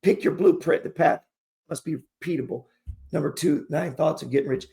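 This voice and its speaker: A man's voice: on the high side, a little fast, creaky, mellow. A man hosting an investing channel, talking casually and motivationally to camera in a rambling, profane, slangy storytelling way.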